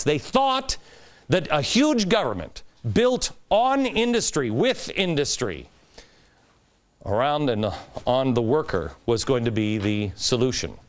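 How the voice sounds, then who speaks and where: A middle-aged man hosting a talk show, giving an emphatic political commentary monologue. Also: mid-range voice. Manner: animated, emphatic, rising to stress points.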